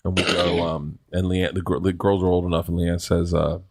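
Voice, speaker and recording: Low-voiced man rambling through funny stories. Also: little pitch movement, a little fast, vocal fry, darkish tone, dry recording, studio quality. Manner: rambling, laughing, profane anecdotes. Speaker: guest comedian. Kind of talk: casual storytelling.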